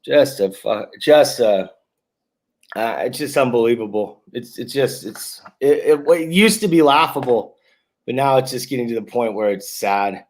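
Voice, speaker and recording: A man's voice: mid-range voice, animated, unhurried. Exasperated man on a video call. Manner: weary, exasperated complaining. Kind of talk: casual video call chat.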